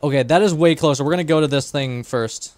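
A man's voice: fairly high pitch, quick pace, darkish tone. A man streaming a game live, chatting and joking with his co-player and chat. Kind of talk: casual livestream gaming chat.

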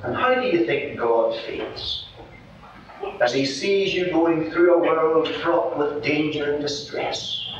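An older man with a Northern Irish accent preaching a storytelling sermon at a gospel mission, animated and folksy. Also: on the high side, slow, creaky. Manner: animated, folksy storyteller who acts out voices. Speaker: evangelist minister. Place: mission hall at a gospel campaign. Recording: distant echoey hall, dull and hissy.

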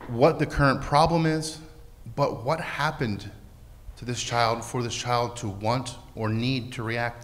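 A man speaking as a therapist on a panel, emphatic and animated, asking rhetorical questions. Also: mid-range voice. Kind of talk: panel talk. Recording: long hall reverb.

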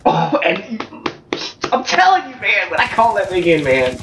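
Guy goofing around on game chat, kinda high voice, far off in an echoey noisy room. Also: wildly swooping pitch, measured pace. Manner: joking, rambling, repeats himself. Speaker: gaming YouTuber. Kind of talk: casual gaming banter.

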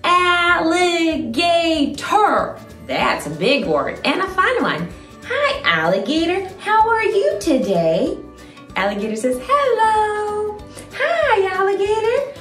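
A young woman hosts a children's learning video, playful and exaggerated, in a very high, sing-song voice with a fairly bright tone. She takes it slowly. The room is echoey, with faint music.

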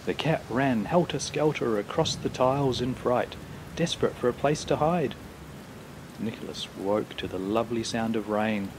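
A man reading a children's picture book aloud, with slow, expressive storytelling. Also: mid-range voice, background noise.

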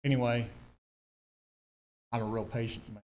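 A man's voice: mid-range voice, steady tone, moderate pace, darkish tone, a little hiss or hum. An older man, giving a personal testimony in church, telling his story earnestly with emphatic repetitions.

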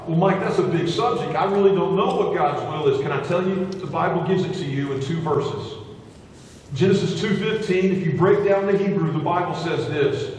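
Male pastor, fervent sermon delivery, recorded from a distance in an echoey church with faint room noise. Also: sits high. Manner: earnest preaching, swinging between hushed storytelling and raised fervent appeals. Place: church sanctuary.

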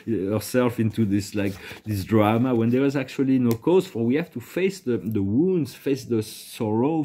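A man with a French accent giving a spiritual talk and reading oracle cards, soft-spoken and halting, often repeating words. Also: lowish voice, husky. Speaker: oracle card reader.

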